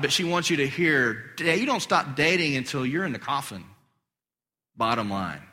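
A male pastor giving an animated, conversational sermon, his voice getting hoarse. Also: sits high. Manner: animated, conversational preaching with acted-out quotes. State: losing his voice. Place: church sanctuary. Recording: long hall reverb.

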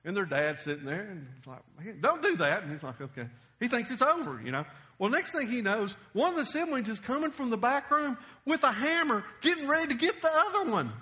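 A man preaching a sermon, folksy and animated, telling stories with humor. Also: very high voice, fairly quick.

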